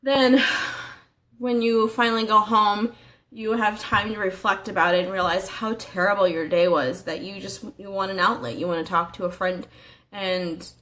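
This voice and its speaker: A woman's voice: medium pitch, steady tone, normal speed, fairly bright tone. A woman giving a casual motivational training talk as a life coach, earnest and conversational, asking the listener rhetorical questions.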